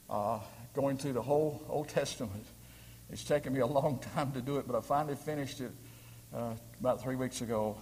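Preacher in a reverberant hall. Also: male voice, on the high side. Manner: rising to emphatic, forceful peaks, asking the congregation questions. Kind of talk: sermon.

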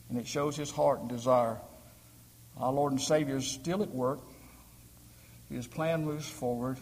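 Preacher in a reverberant hall. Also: male voice, medium pitch, unhurried. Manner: rising to emphatic, forceful peaks, asking the congregation questions. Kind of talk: sermon.

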